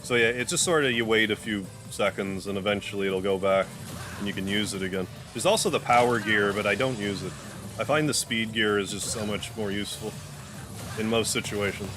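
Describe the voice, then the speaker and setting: Low-voiced, rambling gaming streamer guy. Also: fairly even intonation, fairly quick, noisy background. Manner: rambling, loose, full of "like"; softens to a coo when talking to his cat. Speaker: gaming livestream host. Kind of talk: casual livestream chat while playing. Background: game music.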